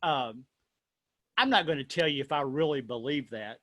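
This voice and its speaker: A man's voice: medium pitch, moderate pace, fairly bright tone, dry recording. A man hosting a casual discussion, playful and rambling, often restarting his sentences. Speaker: host.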